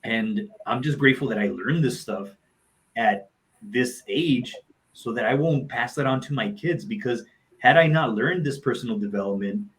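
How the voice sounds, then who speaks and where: A man's voice: mid-range voice, normal speed, fairly bright tone, poor audio. Earnest man telling heartfelt stories. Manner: heartfelt, repeats phrases for emphasis. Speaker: motivational speaker and coach, guest. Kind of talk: earnest personal storytelling on a live talk show.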